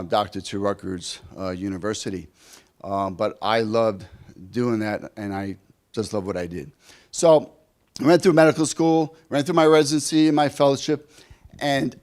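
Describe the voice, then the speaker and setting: Middle-aged male conference speaker, animated storyteller, mid-range voice, talks straight to the room. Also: mid-range voice. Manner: storytelling, animated, asks audience questions. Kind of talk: motivational talk. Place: conference hall.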